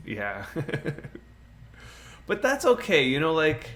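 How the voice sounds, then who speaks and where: A man of middle pitch rambles casually through a game live stream, peppering his talk with "you know" and easy laughs. He answers his viewers' chat directly, and faint game ambience murmurs behind him. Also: lively intonation, normal speed, a bit bright, a little hiss or hum. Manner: laughs often, with many fillers like "you know".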